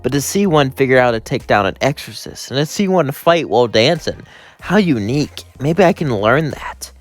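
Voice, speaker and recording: A man voicing a manic male killer clown spirit who is playful, excitable and relishes cruelty. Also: mid-range voice, normal speed, pitched above the performer's own voice, natural voice. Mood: excited.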